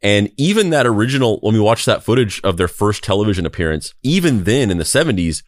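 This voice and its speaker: Casting: a deep-voiced man co-hosting a podcast, loose and rambling, bone-dry sound. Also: sing-song, quick pace, dry recording. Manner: rambling, heavy on fillers. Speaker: podcast co-host. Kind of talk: casual chat.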